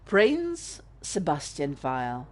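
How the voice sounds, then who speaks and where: A woman's voice: deep voice, huge pitch swings, very slow, heavily acted. A woman reading a pompous, devout young male prince's letter aloud in formal, grand phrasing, with no accent. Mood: formal, lofty.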